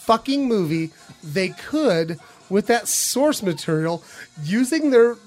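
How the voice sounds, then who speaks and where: A woman co-hosting a casual geek chat, excitable and quick to laugh, swearing freely as she gushes. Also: medium pitch, soft background music. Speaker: podcast co-host.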